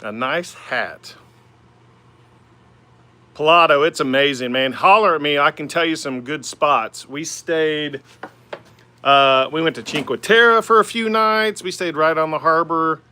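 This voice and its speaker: A man's voice: on the high side, a little slow, pushed and bright, clear, resonant tone. A man in his forties with an Oklahoma accent, hosting a livestream from his woodshop and chatting easily with viewers, full of "man" and "uh". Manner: easygoing, rambling, lots of "man" and "uh". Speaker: woodturning livestream host. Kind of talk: casual livestream chat answering viewer comments. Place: home woodworking shop by the lathe.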